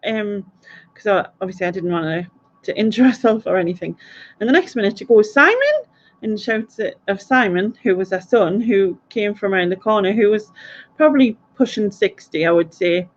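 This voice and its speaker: A woman's voice: medium pitch, fairly quick. A woman hosts a casual quiz stream. She rambles through stories and laughs often. Her voice comes through dull, lo-fi audio. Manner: chatty, rambling, laughs a lot. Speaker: quiz host. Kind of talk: casual live stream chat.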